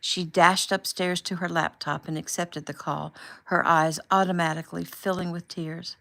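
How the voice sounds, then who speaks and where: A woman reading her own novel aloud in a casual, relaxed, conversational manner. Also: fairly low pitch, moderate pace, vocal fry.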